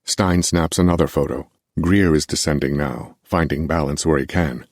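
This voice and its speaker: A male audiobook narrator with an extremely deep, husky voice, reading in a measured, steady way. The recording is close and completely dry. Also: dry recording. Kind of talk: scripted narration.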